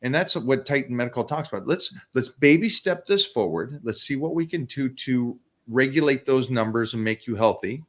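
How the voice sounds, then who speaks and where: A man in his sixties hosts a casual chat, speaking at a medium pitch. He rambles emphatically, often repeating himself and restarting sentences. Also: expressive, moderate pace, few pauses. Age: 60s. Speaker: show host.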